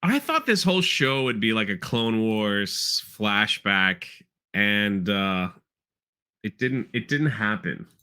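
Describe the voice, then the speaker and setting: A man's voice: lowish voice, very animated, slow pace, bright, forceful tone, clean tone. A man hosting a casual podcast, rambling through an episode recap with loose asides and playful character impressions. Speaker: podcast host. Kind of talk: casual chat.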